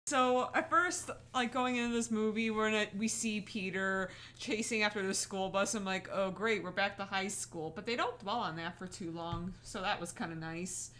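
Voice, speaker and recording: A woman co-hosting a podcast, chatting casually about a movie in a relaxed way with many fillers. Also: medium pitch, normal speed, hardly any pauses. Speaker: podcast co-host. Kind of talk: casual movie review chat.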